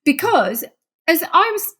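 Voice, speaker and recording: A woman's voice: extremely high pitch, sing-song, unhurried, fairly bright tone. A woman, a singer guest on a podcast, chatting casually and laughing often as she tells stories. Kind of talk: casual interview chat.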